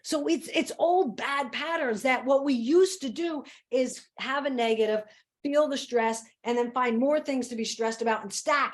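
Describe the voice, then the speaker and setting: A woman motivational speaker giving an energetic, playful talk on stress and acting out her own self-talk. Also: a little slow. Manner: lowers her voice for a mantra. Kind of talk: live online talk on stress.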